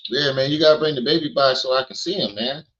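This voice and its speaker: A man's voice: medium pitch, fast, a bit bright, dull audio. Loose, profane male stream host. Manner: loose, joking, profane, talks to chat. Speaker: livestream host. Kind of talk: casual commentary stream. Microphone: streaming mic.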